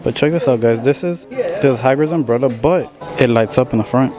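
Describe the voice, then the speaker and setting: A man filming a casual vlog as he tours a film studio, chatty and excited. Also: mid-range voice, fairly quick, music in the background. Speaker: vlogger. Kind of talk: casual vlog tour commentary. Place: studio tour, in and out of doors.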